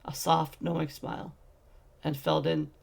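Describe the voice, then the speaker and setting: A man's voice: a little high, little pitch movement, unhurried, creaky, husky. A man narrating a fantasy short story as a fan audiobook, reading steadily with occasional slips.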